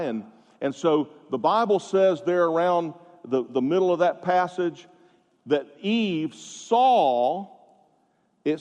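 A man's voice: a little high, a little mellow. Preaching man in an echoing hall. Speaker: pastor. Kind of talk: sermon.

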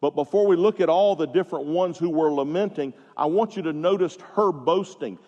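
A man preaching a sermon as pastor, stressing his points with emphatic rises and drawn-out words. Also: fairly high pitch, dark tone, long reverb tail, muffled recording.

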